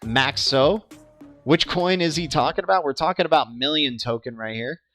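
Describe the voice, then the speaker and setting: A man's voice: on the high side, normal speed, fairly bright tone, soft background music. A young man of Cuban background hosting a crypto livestream, chatting casually with viewers and often stumbling and repeating words.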